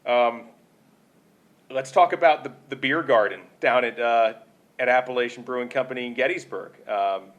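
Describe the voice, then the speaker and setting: A man's voice: medium pitch, moderate pace, a bit bright, dull audio. A man hosting a podcast in casual chat, joking and chatty with lots of fillers. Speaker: podcast host.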